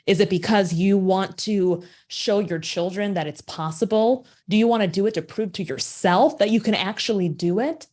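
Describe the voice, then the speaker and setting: A woman in her forties from Minnesota, telling her story as a podcast guest with lively rhetorical questions. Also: mid-range voice, moderate pace, hardly any pauses. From Minnesota, USA. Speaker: podcast guest, agency founder. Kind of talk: casual interview storytelling.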